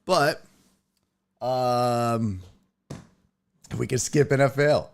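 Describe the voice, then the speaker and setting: Male sports show host, loose casual chat, profane, animated asides, mid-range voice. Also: mid-range voice, creaky, smooth. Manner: animated, profane, jumps between tangents with quick asides.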